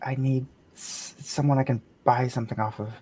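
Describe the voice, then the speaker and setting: A woman's voice: very deep voice, fairly even intonation, normal speed, dark tone, slight background noise. A woman playing a tabletop game, asking eager, pushy questions. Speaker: player.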